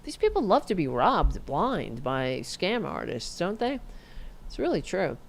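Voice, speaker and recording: Woman ranting sarcastically, lower voice. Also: wildly swooping pitch, unhurried, vocal fry, a little hiss or hum. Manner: reads online comments aloud mockingly. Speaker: host. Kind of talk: angry political commentary, solo stream.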